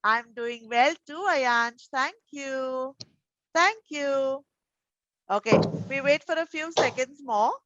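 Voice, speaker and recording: A woman teaching young children over a video call, gentle and encouraging, full of endearments. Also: sits high, takes it slowly, a little hiss or hum. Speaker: preschool teacher. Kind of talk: online class with young children. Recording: dull, dry video call audio.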